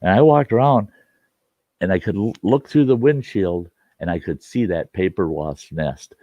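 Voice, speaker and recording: A man with a fairly low, mellow voice spins a rambling, folksy yarn in a relaxed, conversational way. The sound is dry and slightly dull, like a lo-fi home recording with little room around it. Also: no room sound. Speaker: storyteller host. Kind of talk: casual spoken storytelling.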